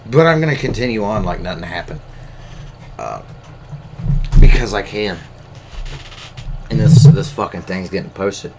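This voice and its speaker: Low-voiced guy, solo podcast host, hesitant and profane, light background hiss. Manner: hesitant, lots of fillers, profane. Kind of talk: casual rambling monologue. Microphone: camera mic.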